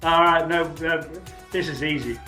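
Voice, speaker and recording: A man's voice: fairly high pitch, moderate pace, roomy sound, over music, rough recording. An older man telling a rambling anecdote as an interview guest, chatty and laughing often. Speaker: actor and guest. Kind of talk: anecdotal storytelling.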